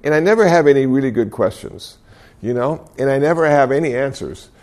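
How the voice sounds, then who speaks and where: An older man giving a dharma talk, telling stories in a gently humorous, reflective way and laughing at himself. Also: mid-range voice. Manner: gently humorous storytelling with self-deprecating chuckles; reflective, unhurried. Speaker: Buddhist speaker.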